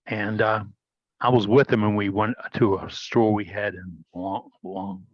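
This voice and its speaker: A man's voice: on the low side, fairly even intonation, unhurried, dry recording. A man chatting on a video call, drifting through a long, rambling anecdote. His voice comes through dull and dry, with no room sound around it. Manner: rambling storyteller with restarts. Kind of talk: casual video-call chat.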